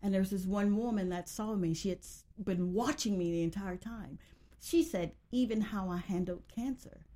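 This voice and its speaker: A woman in her thirties from Mississippi, telling her story in a lively, casual talk-show chat with frequent laughter. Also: medium pitch, moderate pace. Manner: animated storyteller, laughs often.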